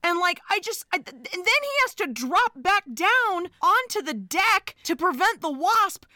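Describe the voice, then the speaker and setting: Bright, high, lively woman chatting. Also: measured pace, dry recording, clean studio sound. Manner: animated, laughing, swears freely. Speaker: podcast co-host. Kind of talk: casual movie recap chat.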